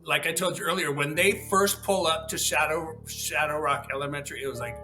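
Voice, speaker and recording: A host in a casual interview chat, talking in a chatty, hesitant way full of restarts. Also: female voice, sits low, fairly even intonation, a little fast, bright, forceful tone, soft background music, poor audio.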